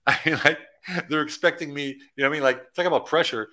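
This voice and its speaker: A middle-aged man, a coach hosting a livestream, chatting casually and excitedly with viewers and rambling from topic to topic. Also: fairly high pitch, brisk. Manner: excitable, rambling, hypes his program, jumps between topics. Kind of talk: casual livestream chat, reading out viewer comments.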